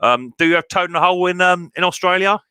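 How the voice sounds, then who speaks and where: Man, middle-aged, live stream host, quick chatty delivery, bright tone, dry close sound. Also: sits high, clear, resonant tone, dry recording. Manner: chatty, cheerful, reads viewer comments aloud. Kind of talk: casual live stream chat.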